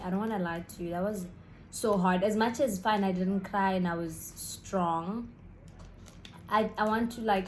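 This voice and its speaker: A woman's voice: lowish voice, darkish tone, slight background noise, poor audio. Chatty South African woman vlogger. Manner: chatty, rambling, eating snacks while talking. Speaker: YouTuber. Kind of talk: casual storytelling vlog.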